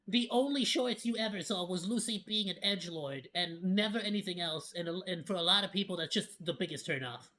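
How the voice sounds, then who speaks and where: A man's voice: high-pitched, brisk, few pauses, pushed and bright. A man chatting casually as a streamer reacting to a video, joking, laughing often and stumbling over restarts.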